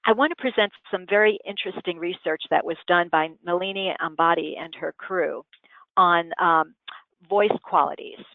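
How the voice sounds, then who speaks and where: A woman's voice: on the low side, normal speed, dry recording. A woman giving a lecture on communication, acting out vocal habits as examples. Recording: tinny phone-like dry sound.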